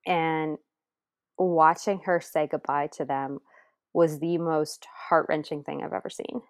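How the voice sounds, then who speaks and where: Brief: low, dry-voiced woman, earnest and tender personal storytelling, sometimes hushed. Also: fairly even intonation, measured pace, no room sound. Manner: earnest, tender, drops to near-whisper at moments. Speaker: adoptive mother guest.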